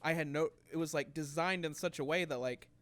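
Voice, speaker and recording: A man's voice: on the high side, steady tone, brisk, a bit bright. A young man telling a story in casual podcast chat, rambling with many fillers and acting out quotes. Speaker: podcast co-host.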